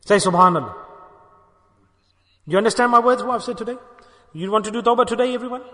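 A man preaches a sermon in a high, bright voice. He scolds and teases his listeners and acts out their replies. His voice rings with the long reverb of a hall. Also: fast. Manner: animated, mimicking, scolding.

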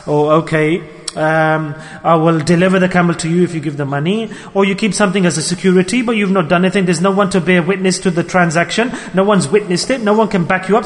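A man preaching a sermon, telling a story with animated swings between loud exclamations and hushed asides. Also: high voice, fairly quick. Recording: long hall reverb.

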